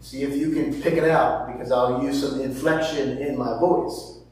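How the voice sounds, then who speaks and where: A male pastor preaching a sermon and reading scripture, emphatic and quick to drop into hushed asides, asking rhetorical questions. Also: medium pitch, fairly even intonation. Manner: emphatic, swings between loud stresses and hushed asides. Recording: very echoey hall from far off.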